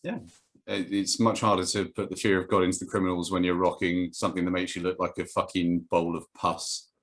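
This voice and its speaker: A man hosting an interview, teasing his guest with dry, deadpan humor over a video call. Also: sits low, brisk. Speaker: host. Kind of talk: casual interview chat.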